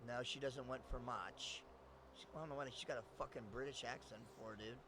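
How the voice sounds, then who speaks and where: A man's voice: medium pitch, steady tone, a little fast, noisy background. A man chatting casually on a live stream, rambling and swearing often, laughing between thoughts.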